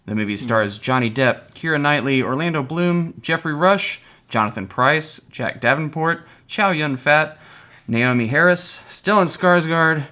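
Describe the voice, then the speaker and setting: A man's voice: a little high, a little slow, sharp tone. A man hosting a movie review podcast, reading a scripted intro and cast list and laughing easily with his co-hosts. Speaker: podcast host.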